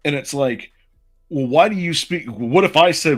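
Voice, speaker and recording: A man's voice: fairly high pitch, lively intonation, normal speed, faint music behind. A man in his forties, a podcast co-host, telling a long personal story in casual, rambling fashion. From Southern United States.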